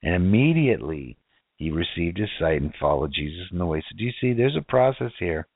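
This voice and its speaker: A man's voice: deep voice, big pitch swings, a little fast, slightly rough, dry recording. A man preaching a casual sermon who keeps asking his listeners rhetorical questions and "right?". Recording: tinny phone-like dry sound.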